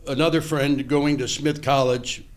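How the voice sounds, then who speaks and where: An older actor, a guest on a podcast interview, telling stories from his past with animated delivery, acting out remembered dialogue and often restarting his sentences. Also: medium pitch, moderate pace.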